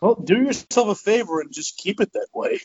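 A man co-hosting a comedy podcast, giving a blunt, halting opinion with some swearing. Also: high-pitched, wildly swooping pitch, darkish tone, husky. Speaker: podcast co-host. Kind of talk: casual podcast chat. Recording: dull lo-fi sound.

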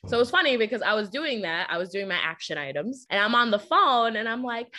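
A young adult woman teacher co-hosting a podcast in casual chat, animated and laughing, sometimes putting on a sweet phone voice. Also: on the high side, fast, few pauses.

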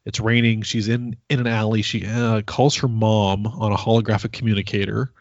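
A man's voice: fairly low pitch, level tone, normal speed, no echo, highs cut off. A man co-hosting a podcast, rambling through an episode recap and acting out the scenes in quoted voices. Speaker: podcast co-host. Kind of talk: casual chat recapping an episode.

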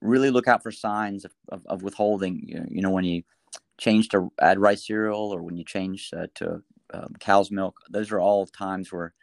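A middle-aged man, a doctor talking through a story and advice in a casual interview, animated, with frequent restarts. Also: low voice, creaky, no echo. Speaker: pediatric doctor guest.

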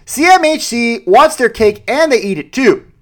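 A young man talks through the housing market as a realtor. His voice sits fairly high, and he keeps things animated with quick jokes and playful digs at himself. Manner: animated, joking asides, playful self-mockery. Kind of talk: daily real estate market commentary.

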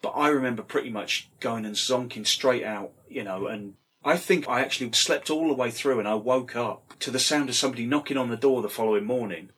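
A man's voice: medium pitch, fairly bright tone, breathy edge. A middle-aged man telling a rambling anecdote, casually swearing and full of fillers. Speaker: storyteller.

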